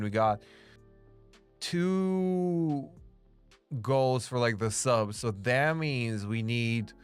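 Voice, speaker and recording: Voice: mid-range voice, clear, resonant tone. A streamer chatting casually with viewers while drawing live, laughing often, swearing freely and leaning on "like" as filler. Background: faint background music.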